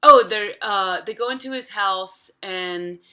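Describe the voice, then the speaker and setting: A woman's voice: mid-range voice, a little slow, pushed and bright. A woman in her thirties casually retelling a film from memory, chatty and profane, full of filler words. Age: 30s. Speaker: vlogger.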